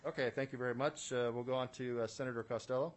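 A man's voice: medium pitch, fairly even intonation, quick pace, a little hiss or hum. A man chairing a formal legislative committee hearing from a committee room. He is procedural and businesslike, with many "uh" fillers and the odd dry aside. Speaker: state senate committee chair.

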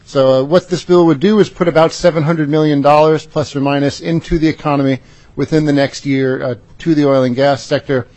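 Man testifying, halting with lots of uhs. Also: on the high side, fairly even intonation, a little mellow, no room sound. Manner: halting, many "uh" fillers and restarts. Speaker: state agency official presenting a bill. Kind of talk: formal committee testimony.

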